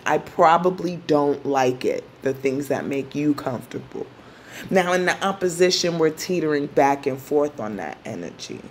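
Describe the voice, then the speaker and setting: A woman's voice: low-pitched, slight background noise. A woman astrologer teaching in a casual, chatty, playful way and explaining step by step.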